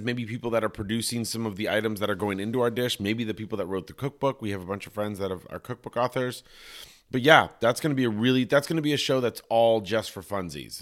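Low-voiced man hosting a candid podcast. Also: a bit bright. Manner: candid and reflective, swears casually, many fillers. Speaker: podcast host. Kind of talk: solo casual podcast talk.

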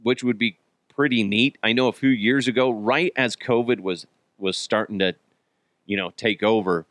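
A man's voice: lowish voice, moderate pace, fairly bright tone, no room sound. A man hosting a casual solo podcast, rambling and joking at his own expense, swearing freely and laughing often while he's a bit sick. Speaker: podcast host.

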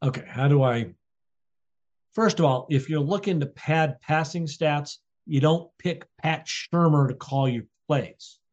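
A man on a sports talk panel who dismisses ideas with emphatic, sardonic scorn. His voice sits a touch high, and the recording sounds dull and lo-fi. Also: a little slow, darkish tone. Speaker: podcast panelist.

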